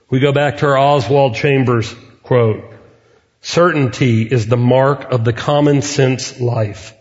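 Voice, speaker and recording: Earnest preaching man in a reverberant hall. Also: mid-range voice. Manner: earnest preaching with deliberate pauses. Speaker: pastor. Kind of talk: sermon. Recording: reverberant hall, muffled sound.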